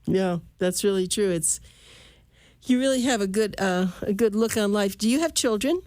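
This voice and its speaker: A woman's voice: medium pitch, animated, dry recording. Dry-sounding woman interview host. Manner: warm, halting questions with fillers. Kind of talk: interviewing a guest.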